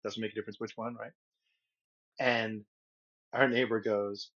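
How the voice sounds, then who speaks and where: A middle-aged man co-hosting a podcast, telling a long story in an animated, rambling way with lots of restarts. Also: on the low side, unhurried, lo-fi sound. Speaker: podcast co-host. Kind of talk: casual storytelling chat.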